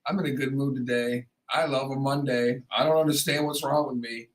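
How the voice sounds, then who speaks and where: Male morning radio host, studio mic, loose joking ramble, a bit froggy, mid-pitched. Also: steady tone, fairly quick, rough recording. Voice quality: slightly rough, froggy voice. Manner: rambling, joking, self-deprecating. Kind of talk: casual on-air chat.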